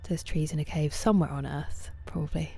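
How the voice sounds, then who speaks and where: Woman, livestreamer, low pitch, warm mellow tone, casual chat with viewers, reads names from chat, frequent soft half-whispers. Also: fairly even intonation, fairly quick, vocal fry, husky.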